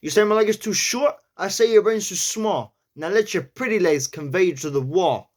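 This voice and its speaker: Guy doing a cocky new york gangster accent, way higher than his usual voice, drags out the vowels. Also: lively intonation, moderate pace. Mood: swaggering. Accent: attempted New York.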